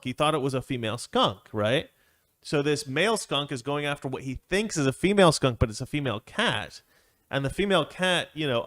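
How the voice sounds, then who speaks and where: Man, commentary host, sarcastic, laughs often, mid-pitched voice. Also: fairly bright tone. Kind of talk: opinion commentary.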